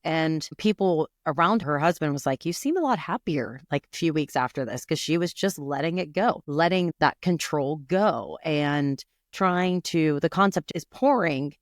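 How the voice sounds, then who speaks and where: A woman's voice: deep voice, no room sound, studio quality. A woman in her forties co-hosting a podcast, telling a story in a casual chatty way and acting out the people in it. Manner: animated storytelling, acts out quoted voices. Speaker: podcast co-host. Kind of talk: casual chat.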